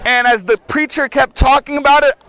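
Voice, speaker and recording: High-voiced young man giving a testimony. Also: steady tone, a little fast, sharp tone, poor audio. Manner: casual, filler-heavy with frequent "like" and "you know". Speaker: testimony speaker at outdoor worship. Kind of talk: personal testimony, casual storytelling.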